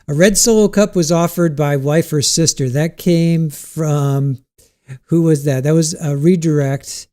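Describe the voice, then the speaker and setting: A man with a mellow, slightly higher voice chats casually on his livestream, rambling from point to point. He reads out viewer comments and answers them. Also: fairly even intonation, unhurried. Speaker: livestream trial commentary host.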